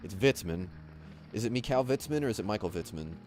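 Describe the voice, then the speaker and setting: A man hosting a livestream, chatting casually as he watches skate clips, rambling with many fillers and excited outbursts. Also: lowish voice, fairly quick, a little hiss or hum. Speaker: livestream host.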